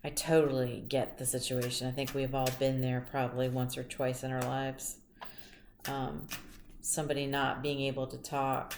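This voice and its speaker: A woman's voice: very deep voice, flat delivery, normal speed, roomy sound, noisy background. A woman giving a tarot reading, talking in a chatty, rambling way and telling personal stories. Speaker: tarot reader. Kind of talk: casual tarot reading monologue.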